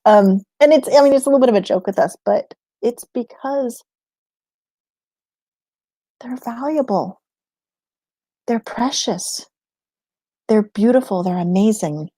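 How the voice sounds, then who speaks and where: A woman's voice: a little high, measured pace, long pauses, mellow, no room sound. A woman in a casual livestream chat, answering viewer questions about homeschooling, rambling and laughing often mid-sentence.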